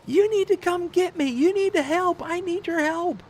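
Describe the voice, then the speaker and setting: A man imitating his panicked wife in a high, frantic, pleading voice. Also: normal speed, a little hiss or hum. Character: panicked young woman frightened of a frog.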